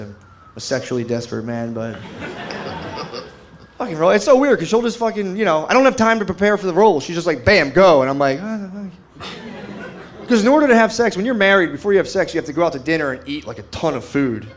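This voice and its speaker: A middle-aged man doing stand-up comedy, telling a rambling story in a laid-back way and acting out what people said. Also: a little high. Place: comedy stage before a live audience.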